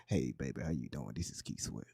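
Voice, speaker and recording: A man doing a comic impression of a smooth late-night radio DJ, speaking in a slow, deep, hushed croon. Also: animated, no echo, studio quality, full character voice.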